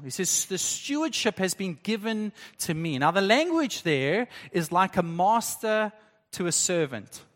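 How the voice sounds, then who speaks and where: A man's voice: high-pitched, fairly bright tone. A man preaching a sermon as pastor, chatty and engaging the congregation with questions. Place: church hall. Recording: long church reverb.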